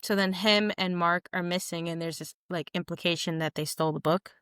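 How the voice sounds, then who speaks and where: A young woman co-hosting a podcast in casual chat, animated and jokey, acting out quotes. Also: lowish voice, fairly quick, clean tone, no echo, studio quality. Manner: animated, jokey, calls co-host "friend", acts out quotes. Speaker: podcast co-host.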